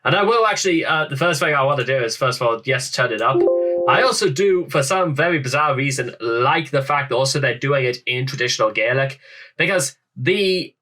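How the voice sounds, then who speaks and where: With loud music behind him, a young man hosts a reaction video, his mid-range voice animated and a little fast. He rambles theatrically through casual commentary, putting on a thick Irish accent over his English roots.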